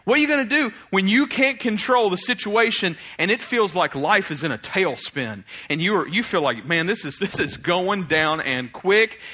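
Male pastor, animated sermon delivery, bright and a touch high. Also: normal speed, hardly any pauses. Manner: animated, swings from loud exclamations to quiet reflection, laughs often.

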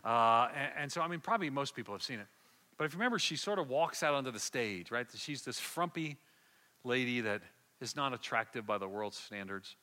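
A man preaching a sermon, telling a story with passion and swinging from hushed to loud, often repeating words as he builds. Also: mid-range voice, animated, brisk.

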